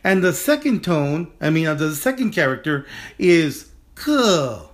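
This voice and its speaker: A man teaching a Chinese lesson in English, animated and repetitive, drilling phrases slowly and often restarting his sentences. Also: on the high side. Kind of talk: online language lesson.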